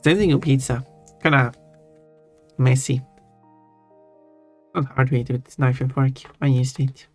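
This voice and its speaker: Male stream host, casual and halting, chuckly, faint music bed. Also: medium pitch, steady tone. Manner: halting, restarts often, chuckles while answering chat. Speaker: livestream host. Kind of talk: casual chat with viewers. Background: faint background music.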